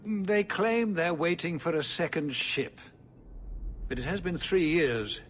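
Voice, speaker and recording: An actor playing a weary, cautious older city ruler who speaks in a measured, formal way, in video game dialogue. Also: male voice, fairly high pitch, a little hiss or hum. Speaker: city ruler addressing the hero.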